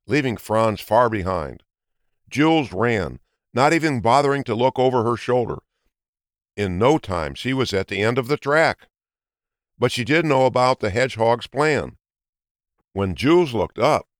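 A man reading a children's story aloud in an expressive, lilting way. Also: medium pitch, unhurried, dry recording, clean studio sound. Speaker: narrator. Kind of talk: storybook narration.

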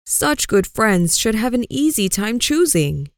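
A woman's voice: a little high, very animated, unhurried, dry recording, studio quality. A woman voicing a generous wealthy old man in a storybook reading. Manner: generous, smiling.

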